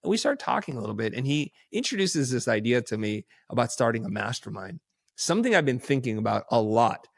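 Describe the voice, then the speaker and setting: A man tells stories as a podcast guest and jumps into the voices of the people he quotes. His pitch sits in a middle range. The recording is close and dry. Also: a little fast, vocal fry, no echo. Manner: animated, acts out quoted dialogue. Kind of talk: casual storytelling.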